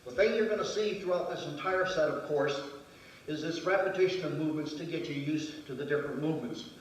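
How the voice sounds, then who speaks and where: A man's voice: a little high, a little fast, a little hiss or hum. A male martial arts instructor explaining moves step by step during a demonstration lesson, counting out the movements. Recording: very echoey room from far off.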